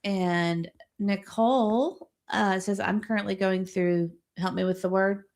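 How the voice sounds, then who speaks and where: A woman's voice: medium pitch, steady tone, measured pace, darkish tone. A woman hosting a casual livestream, reading viewer comments aloud and chatting back.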